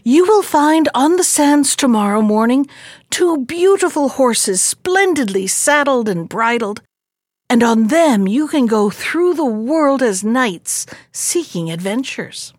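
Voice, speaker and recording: A small magic fish, male, in a read-aloud storybook, voiced by a woman, speaking high and earnest with a pleading, bargaining manner. The voice climbs well above the narration and swings widely. The recording is dry and close. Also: lively intonation, slow pace, dry recording, heavily acted. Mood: promising.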